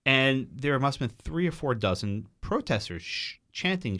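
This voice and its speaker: A man, a guest in a podcast studio, telling a story in an animated way and acting out what other people said. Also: mid-range voice, fairly quick, few pauses. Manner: animated, quotes people in changing voices.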